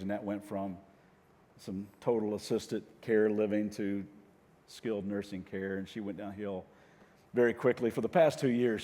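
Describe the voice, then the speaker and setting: A middle-aged man preaching as a teaching pastor. He tells stories softly and earnestly, restarting phrases, and rises to loud rallying calls. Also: fairly low pitch. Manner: soft-spoken storytelling that swells into loud rallying calls. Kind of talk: sermon. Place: church auditorium. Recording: long reverb of a large hall.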